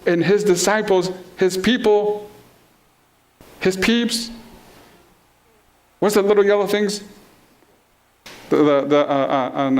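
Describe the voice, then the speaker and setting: A middle-aged man preaching a sermon in a playful, conversational way, acting out the people in his stories. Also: fairly high pitch. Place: congregation hall.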